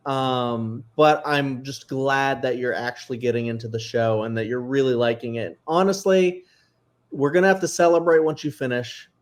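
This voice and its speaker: A man co-hosts a casual chat show in a middle-pitched voice. He rambles and leans heavily on fillers. He sounds excitable and a little emotional. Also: moderate pace. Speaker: co-host.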